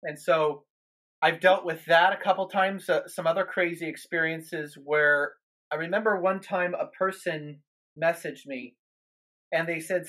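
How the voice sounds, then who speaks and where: A man's voice: fairly high pitch, fairly even intonation, unhurried, a bit bright. Earnest man telling a ministry story. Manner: earnest, many restarts and repeated words. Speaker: guest minister. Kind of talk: storytelling in a podcast interview.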